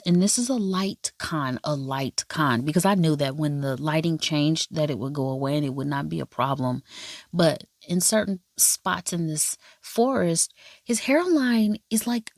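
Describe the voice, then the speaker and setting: A woman's voice: lowish voice, darkish tone, no room sound, studio quality. A woman recapping a drama episode in casual chat, sassy and slangy, acting out the characters' lines. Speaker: drama reviewer.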